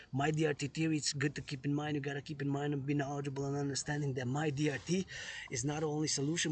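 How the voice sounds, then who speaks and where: A man's voice: a little high, breathy edge. A man vlogging outdoors in a public place, talking emphatically and repeating phrases again and again. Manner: repetitive, emphatic, loops phrases over and over. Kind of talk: outdoor monologue vlog.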